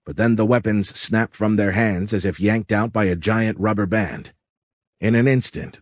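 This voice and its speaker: A man reads a thriller audiobook in a steady, even storytelling delivery. His voice sits low. The recording is dry and close. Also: no room sound. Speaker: audiobook narrator. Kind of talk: scripted narration.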